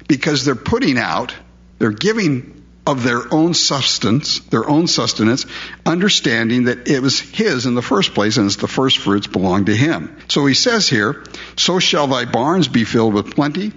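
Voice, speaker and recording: A man's voice: medium pitch, fairly bright tone, breathy edge, muffled recording. A man preaching a sermon in a conversational, emphatic way, asking his listeners questions. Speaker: pastor.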